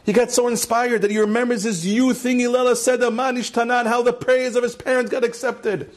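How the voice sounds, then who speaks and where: A man's voice: very high-pitched, a little fast. A man, a rabbi giving a Torah class, telling a story with lots of repetition and Hebrew and Yiddish terms mixed into his English, building up to an impassioned peak. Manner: animated storyteller, repeats phrases, rises to impassioned climax.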